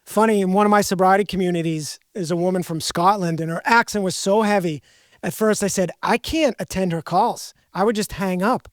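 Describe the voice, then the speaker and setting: A man's voice: sits high, fairly even intonation, fairly quick, dry recording, clean studio sound. Candid, rambling male podcast host. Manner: candid, rambling, self-deprecating. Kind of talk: casual podcast conversation.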